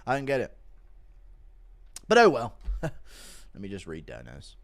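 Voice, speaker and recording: A man chats casually on a livestream and reads out viewer donations. He mumbles low and flat in a downbeat way, then his pitch leaps up into loud, swearing rants. His voice swings widely between those two modes. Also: a little slow. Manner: swears freely. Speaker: streamer.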